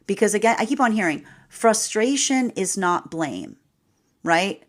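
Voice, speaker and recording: A woman's voice: mid-range voice, animated, takes it slowly. Chatty laughing woman tarot reader. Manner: chatty, laughs often, repeats herself, asks "right?". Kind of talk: live-streamed daily tarot reading.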